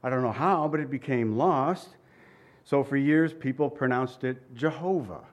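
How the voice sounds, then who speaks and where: A man preaching a sermon with emphatic repetition and light asides, now and then chuckling. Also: normal speed. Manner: emphatic, repeats phrases, shifts pitch for quoted lines.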